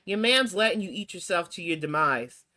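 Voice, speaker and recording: A woman's voice: fairly low pitch, lively intonation, normal speed, sharp tone. A woman from New York hosting a reaction show, giving blunt, mocking commentary on video clips. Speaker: commentary host.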